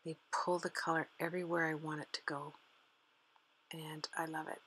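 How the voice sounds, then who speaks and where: Low, level-voiced woman crafter. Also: little pitch movement, normal speed, fairly bright tone, a little hiss or hum, poor audio. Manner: chatty, fond of her materials, talks while working. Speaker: card-making tutorial host. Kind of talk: casual craft demonstration narration.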